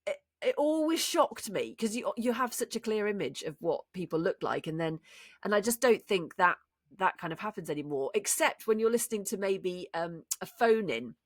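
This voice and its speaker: A woman talks through her thoughts in a loose, chatty way, often restarting mid-sentence. Her voice sits at a middling pitch, recorded close and dry with no room around it. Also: animated, normal speed, no room sound. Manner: chatty, thinks aloud with restarts. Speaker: podcast co-host. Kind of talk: casual chat.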